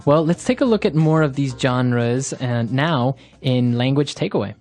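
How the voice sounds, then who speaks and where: A man's voice: medium pitch, expressive, normal speed, a little mellow. A man hosting a language-learning podcast in casual teaching chat, asking questions and laughing easily. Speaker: podcast host.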